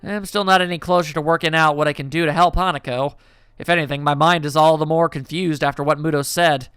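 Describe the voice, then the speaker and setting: A man's voice: fairly high pitch, steady tone, quick pace, fairly bright tone, clean tone, no room sound. A man hosting a let's play, reading a visual novel's first-person narration aloud in a reflective way.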